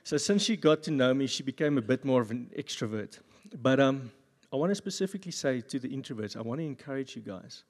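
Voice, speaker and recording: A man's voice: medium pitch, quick pace. Man preaching in an echoing church hall. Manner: jokey, animated asides with acted voices. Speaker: pastor. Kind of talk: sermon. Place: church service. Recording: long reverb of a church hall.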